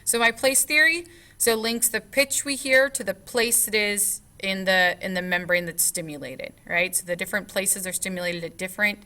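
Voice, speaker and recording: A woman's voice: medium pitch, moderate pace, sharp tone. A young woman teacher talking through recorded lecture slides in a conversational way, full of fillers and restarts.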